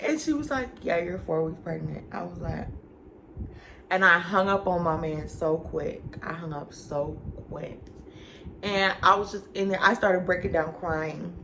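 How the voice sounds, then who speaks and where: A woman's voice: fairly low pitch, unhurried, vocal fry. Young adult woman, talkative vlogger at home, casual storytelling voice, slight room hiss. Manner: chatty, animated, addresses viewers as y'all and girl.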